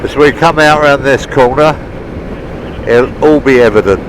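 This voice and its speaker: A chatty middle-aged man with a mid-pitched voice, commenting cheerfully while he rides a motorbike. His helmet mic catches loud rushing wind and engine noise the whole time. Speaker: motorbike vlogger. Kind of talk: casual ride commentary. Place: outdoors on a moving motorbike.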